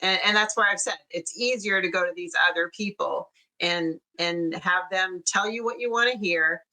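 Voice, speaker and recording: Earnest woman with a bright, lowish voice. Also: moderate pace, poor audio. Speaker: podcast guest, dog owner. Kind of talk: casual podcast chat.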